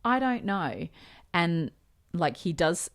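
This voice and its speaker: Low, gravelly-voiced woman chatting. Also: big pitch swings, slow pace. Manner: chatty, candid, emotional storytelling. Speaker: podcast host. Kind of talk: casual solo podcast chat.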